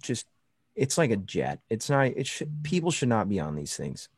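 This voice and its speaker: A man's voice: fairly low pitch, normal speed, slightly rough, dry recording. Chatty pastor guest, dry close sound, call audio, laughs through his anecdotes. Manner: storytelling, animated, laughs often. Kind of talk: casual chat over a video call. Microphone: video call.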